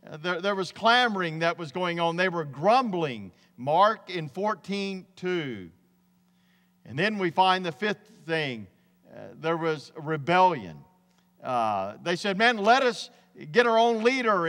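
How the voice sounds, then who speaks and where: A man's voice: a little high, fairly bright tone, long reverb tail. A man preaching a sermon as pastor, with a folksy, emphatic delivery that keeps coming back to the word "man". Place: church sanctuary.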